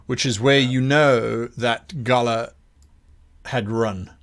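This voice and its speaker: Slow-narrating male game master. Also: mid-range voice, fairly even intonation.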